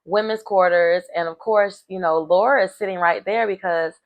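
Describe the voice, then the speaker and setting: A woman casually retelling a reality show in a chatty, animated way, full of fillers. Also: fairly low pitch, normal speed. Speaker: reality show recap commentator.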